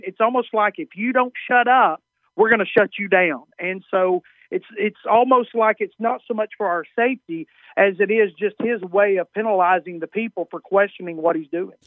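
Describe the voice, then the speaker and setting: A man with a Southern US accent, a comedian guest on a radio show, talking in a drawn-out, conversational way over a phone line. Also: high voice, no echo. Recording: dry tinny phone line.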